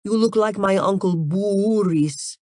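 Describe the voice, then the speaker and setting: A woman voicing a flirtatious female Russian model, with a put-on Russian accent and a slow, purring, teasing delivery. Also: mid-range voice, mellow, dry recording, pitched above the performer's own voice, natural voice.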